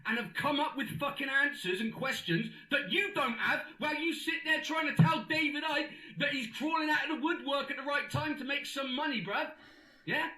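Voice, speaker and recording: A shrill, strained crank hurls sweary abuse in a relentless tirade, as a man puts him on. The voice sits very high and sharp, and the sound rings around an echoey room. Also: normal speed, exaggerated voice. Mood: ranting. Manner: abusive, sweary, shouting tirade. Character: furious male conspiracy theorist ranting in voice messages.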